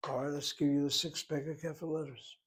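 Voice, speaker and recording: A man teaching Hebrew in a relaxed lecture, explaining terms patiently and asking rhetorical questions along the way. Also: on the high side, fairly quick, husky.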